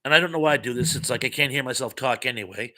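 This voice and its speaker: A man hosts a loose live stream, greeting viewers by name and reading their comments aloud. His voice is bright and forward, and he sits at a middle pitch for a man. He rambles along with plenty of fillers and little playful asides. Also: very fast. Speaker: livestream host. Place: home room with some echo. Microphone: streaming mic without headphones.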